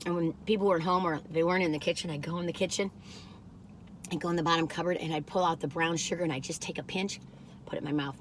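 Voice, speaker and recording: A woman chatting casually as she reviews food, rambling and digressive, gushing with excitement and laughing often. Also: on the low side, fast talker, a little hiss or hum. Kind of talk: casual chat.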